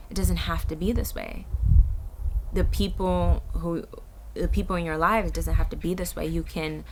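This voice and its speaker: A woman from the Bronx, speaking as a vlogger in a soft, halting way that searches for words while she tells a personal story. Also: on the low side, creaky. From the Bronx, New York. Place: eco-village in a jungle.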